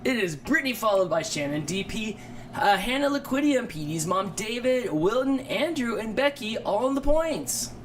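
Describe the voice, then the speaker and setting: A man's voice: high voice, big pitch swings, normal speed, fairly bright tone, slight background noise. Jokey man hosting a live trivia stream. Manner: joking, playfully self-pitying. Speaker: game show host. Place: home.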